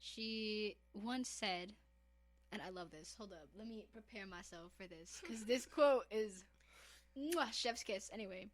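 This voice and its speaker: A woman's voice: mid-range voice, measured pace. A woman co-hosting a casual podcast chat, teasing her co-host and laughing often.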